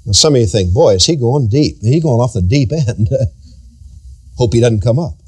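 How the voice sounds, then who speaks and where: A man's voice: mid-range voice, animated, a little mellow, breathy edge. A male pastor preaching a sermon, stretching out key phrases and acting out everyday sayings. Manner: drawn-out emphatic preaching, acting out everyday quotes.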